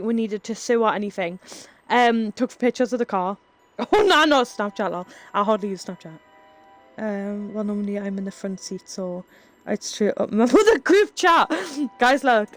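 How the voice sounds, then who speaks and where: Chatty woman streamer. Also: on the high side. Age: 30s. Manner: chatty, laughs often, swears, tells rambling stories. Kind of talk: casual chat with live chat.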